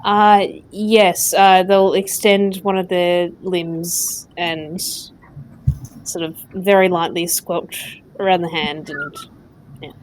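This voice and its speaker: A woman's voice: fairly low pitch, little pitch movement, slow, darkish tone, slight background noise, rough recording. Woman player, hesitant and filler-heavy. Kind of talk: casual tabletop play.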